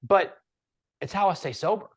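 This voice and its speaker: A man's voice: sits high, lively intonation, moderate pace. Earnest man motivational speaker. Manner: earnest, preachy, emphatic. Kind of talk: casual interview chat.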